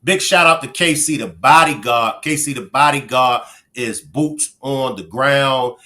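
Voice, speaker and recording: A man from Baltimore with a Baltimore accent, hosting a casual livestream and chatting with viewers as he gives shout-outs. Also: medium pitch, unhurried. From Baltimore, Maryland. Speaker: livestream host.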